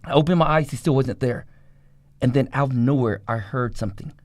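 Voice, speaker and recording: Speaking in a darkish, medium-pitched voice with no echo, a man who was once in a gang recounts his life in a conversation. His testimony comes out quick, blunt and full of swearing.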